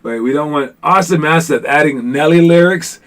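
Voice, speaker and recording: A man's voice: on the high side, normal speed. Joking, teasing male podcast host. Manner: joking, teasing, excitable with many restarts. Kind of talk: casual live-stream chat.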